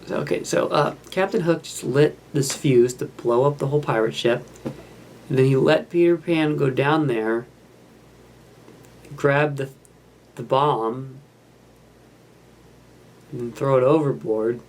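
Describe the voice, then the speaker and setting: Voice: mid-range voice, takes it slowly, long pauses, darkish tone, a little hiss or hum. A host giving casual running commentary over a film while building a model kit. They ramble in an offhand, self-mocking way.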